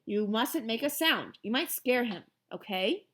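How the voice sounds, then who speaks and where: A woman's voice: on the high side, animated, unhurried, a bit bright, slight background noise. A woman voicing an exasperated fourth-grade boy in a storybook reading. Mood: put-upon.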